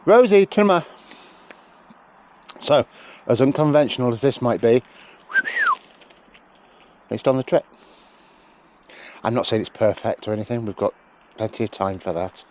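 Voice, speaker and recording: A man training a sheepdog out in a sheep field, calmly explaining each step and breaking off to call the dog in a high, loud voice. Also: moderate pace, long pauses, slight background noise. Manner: relaxed explaining, broken by high shouted calls to the dog. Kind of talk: outdoor training demonstration with commentary.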